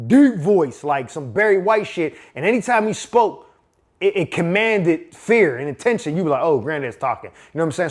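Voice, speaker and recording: A man from Pittsburgh telling a personal story in a casual, animated way, full of profanity and street slang. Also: sits high.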